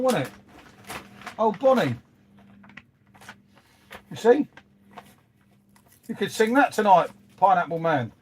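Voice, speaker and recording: A man hosts a relaxed livestream from home and chats with his viewers as he goes. His talk wanders from one thought to the next, and he calls people mate. His voice sits a little high for a man. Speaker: livestream host reading chat. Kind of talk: casual chat with live viewers. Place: at home making a hot drink.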